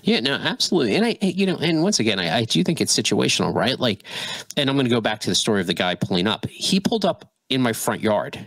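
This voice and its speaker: A middle-aged man with a mid-range voice recounts a personal run-in as a podcast co-host. He is animated and loose, leaning on lots of "you know" and "like". The sound is dry and close, with no room tone. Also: mid-range voice, fast, no echo, low-quality recording. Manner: animated anecdote telling, heavy fillers. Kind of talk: casual conversation, storytelling.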